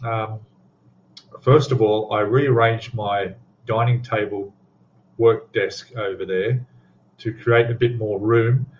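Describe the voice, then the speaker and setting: A man's voice: lowish voice, steady tone, takes it slowly, muffled recording, a little hiss or hum. A man hosting a live stream about scale models, chatting casually in a rambling, self-deprecating way with lots of ums and trailing asides. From Australia. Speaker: scale modeling livestream host. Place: home hobby room.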